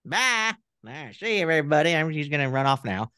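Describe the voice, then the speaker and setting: A man's voice: very animated, quick pace, pushed and bright, clean tone, no room sound, studio quality. A man voicing a goofy male puppet talk-show host with a Southern accent, in a cheery, bouncy manner. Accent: American Southern. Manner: cheery, sing-song, high and bouncy.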